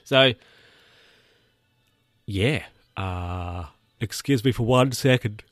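A man's voice: lowish voice, very slow, a bit bright, no room sound, studio quality, faint music behind. A man casually recapping a film plot in a rambling, jokey way, with crude asides and lots of restarts. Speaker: film reviewer.

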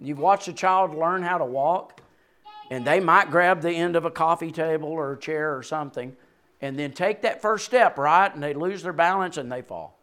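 Man, sixties, preacher, sermon, higher-pitched voice, rises and falls, chuckles. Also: moderate pace. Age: 60s. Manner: animated preaching with sudden rises and drops; chuckles between points. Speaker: pastor.

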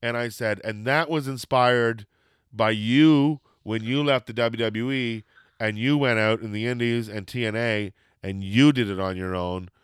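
A man from Canada tells a rambling story in casual chat, getting loud and swearing when he acts out the exchanges. His voice is smooth and clear, and the recording is close and dry. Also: mid-range voice, unhurried, dry recording. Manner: animated, swearing, acts out quotes loudly.

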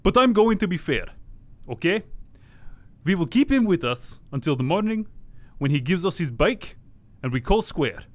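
A man's voice: high-pitched, big pitch swings, normal speed, pauses often, dry recording. A man putting on a mock-menacing kidnapper with a foreign accent. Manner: clumsy put-on foreign accent, broken English.

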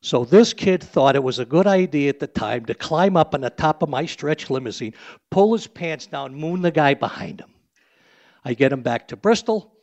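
A man's voice: a little high, animated, normal speed, a little mellow, dull audio. A man in his sixties, a limousine driver, telling a salty, blunt story live on stage.

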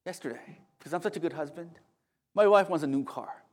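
A male pastor preaching a sermon in an animated, conversational storytelling manner with humorous asides. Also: a little high, a little fast.

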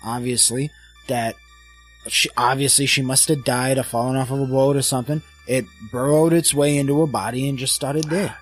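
A man playing a tabletop game, talking quickly and interrupting with questions. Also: mid-range voice, steady tone, soft background music, poor audio. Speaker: player. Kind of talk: casual tabletop play.

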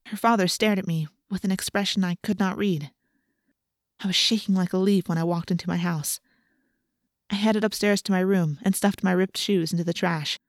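A woman's voice: lowish voice, no echo, studio quality. A woman narrating a first-person novel in an earnest, tense storytelling manner. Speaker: audiobook narrator.

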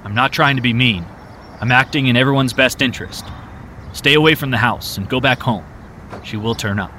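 A bitter, withdrawn brother in a narrated story, speaking stern and clipped with a dry sarcastic edge, as a male narrator puts him on. His tone is bright and pointed. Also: mid-range voice, a little fast, slight background noise, natural voice.

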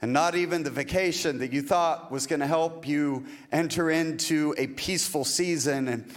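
A pastor delivering a sermon in a conversational, relatable way, full of rhetorical questions. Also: male voice, a little high, moderate pace.

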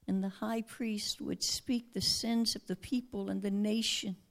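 A woman preaching a sermon earnestly, often dropping to a hushed near-whisper. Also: medium pitch, steady tone, measured pace, gravelly.

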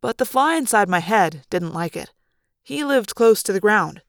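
A woman's voice: mid-range voice, normal speed, dry recording, studio quality. Dramatic woman narrating an audiobook. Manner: lively, dramatic storytelling. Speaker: audiobook reader. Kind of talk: first-person audiobook narration.

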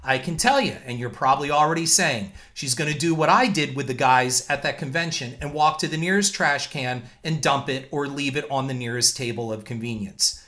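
Forceful, firm-spoken man telling stories. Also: medium pitch, fairly quick, hardly any pauses. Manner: emphatic, lays out points in numbered order; firm and indignant. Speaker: filmmaker and show host. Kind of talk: storytelling monologue.

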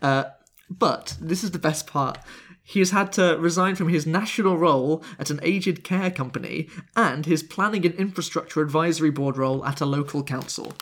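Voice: mid-range voice, normal speed, hardly any pauses, fairly bright tone. A podcast host in casual chat, joking and laughing often while reading out a news story, with many restarts.

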